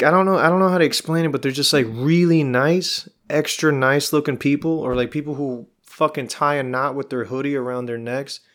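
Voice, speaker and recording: A young man, hosting a podcast and telling a rambling, exasperated, profane story in casual chat. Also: medium pitch. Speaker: podcast host.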